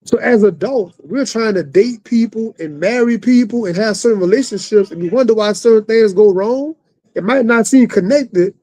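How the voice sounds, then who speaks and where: A man's voice: sits high, moderate pace, dark tone, rough recording. A man hosting a talk show, speaking in a thoughtful, conversational way. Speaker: host. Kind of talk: casual talk show chat.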